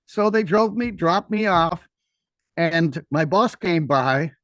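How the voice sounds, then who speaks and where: Older guy rambling thru an old story, slightly high voice, dry close mic. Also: animated, takes it slowly, a bit bright, no room sound. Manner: rambling, folksy. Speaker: guest. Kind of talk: personal storytelling.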